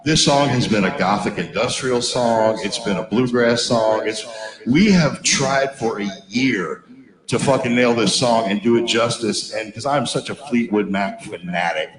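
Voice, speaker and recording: A man telling stories in a casual chat, swearing freely and talking with loud, boisterous energy. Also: fairly low pitch, measured pace, echoey room, crowd noise, poor audio. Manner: profane, boisterous storyteller. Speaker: musician.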